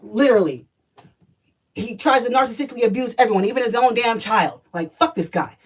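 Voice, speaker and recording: A woman in her thirties tells her story in a casual vlog, blunt, profane and emphatic. Her voice sits a little high and sounds somewhat distant from the mic. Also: fairly quick, breathy edge. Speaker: spiritual energy reader.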